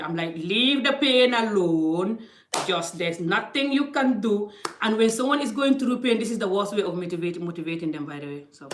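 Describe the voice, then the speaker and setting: A woman's voice: fairly low pitch, a little hiss or hum. A middle-aged woman talking into her phone, giving life advice in an emphatic, casual way. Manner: emphatic, acts out quoted exchanges. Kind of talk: casual motivational talk. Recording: roomy echo.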